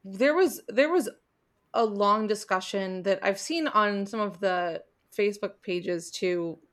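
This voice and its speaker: A woman's voice: mid-range voice, unhurried. A woman co-hosting a casual book podcast. She lays out her views thoughtfully, with lots of likes and ums. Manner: thoughtful, opinionated, many fillers. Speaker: podcast co-host. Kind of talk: casual book club chat.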